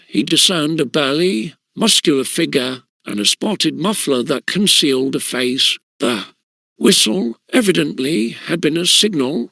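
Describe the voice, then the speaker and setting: A man reading a classic schoolboy story aloud in measured, steady narration. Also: fairly high pitch, creaky, dry recording. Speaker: audiobook reader.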